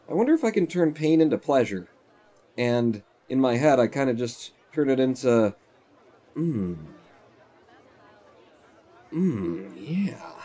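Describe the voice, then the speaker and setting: A man's voice: mid-range voice, mellow. A man chatting casually on a live stream at home, rambling as he tells stories while playing.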